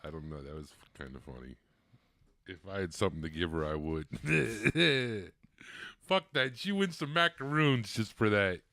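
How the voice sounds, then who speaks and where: A man's voice: on the low side, lively intonation, normal speed, gravelly, sharp tone, dry recording. A man co-hosting a live call-in stream, trading crude, laughing jokes in casual profane banter. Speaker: co-host.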